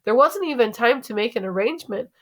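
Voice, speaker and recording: A woman voicing a teenage girl who talks in a hurried, slightly breathless way in a story read aloud. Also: fairly high pitch, expressive, pitched above the performer's own voice. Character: teenage girl actress, breathless after her show.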